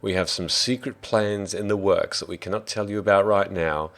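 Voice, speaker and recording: A man's voice: low voice, steady tone, moderate pace, fairly bright tone. An Australian man who hosts a tabletop game stream as dungeon master, chatting in an upbeat, rambling way. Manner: upbeat, rambling, restarts often. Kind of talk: casual stream chat.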